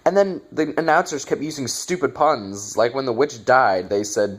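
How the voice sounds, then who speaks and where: Slow, exasperated man ranting. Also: medium pitch, animated. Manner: exasperated, swearing, sarcastic. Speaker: movie reviewer. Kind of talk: casual ranting review.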